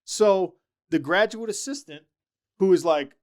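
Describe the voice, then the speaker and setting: A man telling lively stories as a podcast guest, acting out the people he quotes. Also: high voice, measured pace. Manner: animated storyteller, acts out quoted voices. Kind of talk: casual storytelling chat.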